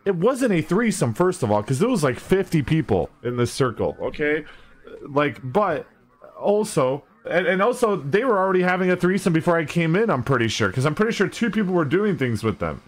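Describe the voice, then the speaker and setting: Young adult male streamer, lively and foul-mouthed, raised pitch with wide swings. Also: brisk. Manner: animated, heavy swearing. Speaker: live streamer. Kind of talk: casual storytelling to chat.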